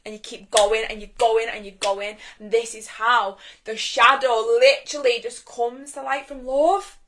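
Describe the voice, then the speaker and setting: A woman's voice: fairly high pitch, level tone, moderate pace, hardly any pauses, a bit bright. A young woman giving a casual live-stream talk on inner healing from her phone, chatty and straight-talking, swearing freely.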